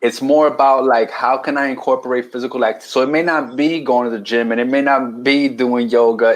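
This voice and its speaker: A man's voice: mid-range voice, poor audio. A man from New York with a New York accent, a guest on a podcast who explains things at length, restarting words and checking in with "right?". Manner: explanatory, repeats words and says "right?" often. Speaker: guest, keto challenge coach. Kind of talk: casual podcast conversation.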